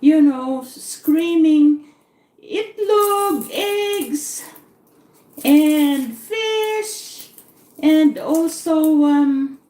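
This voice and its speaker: A woman voicing an excited blind man who speaks in eager, rising exclamations. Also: high voice, drawn-out words. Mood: eager, giddy. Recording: echoey room, faint noise.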